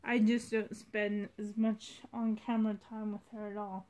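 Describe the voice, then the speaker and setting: A woman's voice: mid-range voice, little pitch movement, moderate pace. A woman vlogging about her doll collection in a rambling, heartfelt way. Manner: rambling, heartfelt, soft-spoken. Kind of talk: casual vlog chat.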